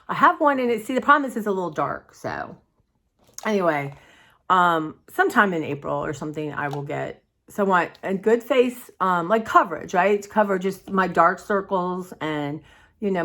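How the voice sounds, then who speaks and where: A woman's voice: medium pitch, fairly bright tone. A woman, rambling chattily to her viewers in a casual art vlog. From United States. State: sore throat. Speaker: vlogger.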